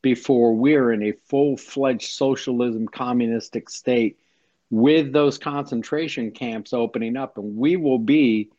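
A man's voice: mid-range voice, steady tone, a little slow, dark tone, no room sound, lo-fi sound. A man calling into a talk show, earnest and matter-of-fact. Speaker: caller. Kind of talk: casual call-in chat.

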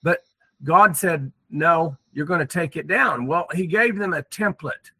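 A man's voice: a little high, measured pace, pushed and bright, husky, no room sound. A man talking earnestly as a guest on a talk show, often repeating words. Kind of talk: casual chat.

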